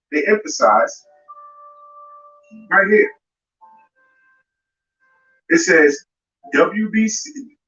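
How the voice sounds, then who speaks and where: A live boxing show host, a man, goes on a confrontational rant directly at a fighter. His voice is a little high, bright, and forceful. The recording has a distant, roomy, dull quality with music in the background.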